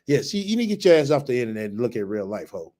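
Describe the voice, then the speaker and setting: A man's voice: mid-range voice, very animated, racing, mellow. Mocking, profane man heckling a clip. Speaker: commentary host reacting to a clip. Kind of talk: profane reaction commentary.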